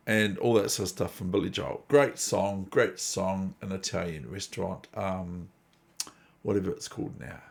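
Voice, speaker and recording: Chess host, New man, low gravelly voice, meandering casual chatter. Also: fairly even intonation, normal speed. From New Zealand. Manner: digressive, chatty, self-deprecating. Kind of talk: casual rambling commentary.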